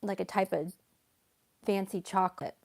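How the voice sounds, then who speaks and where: A woman hosting a casual livestream, soft-spoken and chatty, reading viewer comments aloud. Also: mid-range voice, steady tone, normal speed, gravelly. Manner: soft-spoken, chatty, baby-talks to her cat. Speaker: livestream host.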